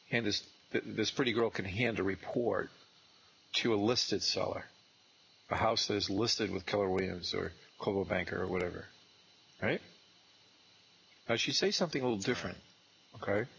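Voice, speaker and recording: A man coaching a trainee one on one on real estate prospecting, animated and acting out sales scripts. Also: lowish voice, vocal fry, husky, poor audio.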